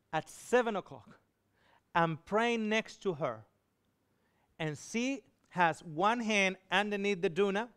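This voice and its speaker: A man preaches, telling a personal story with feeling. His voice sits high and sounds smooth and resonant. He acts out the people in the story as he goes. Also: a bit bright. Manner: emotional storytelling, voicing quoted dialogue. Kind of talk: sermon testimony.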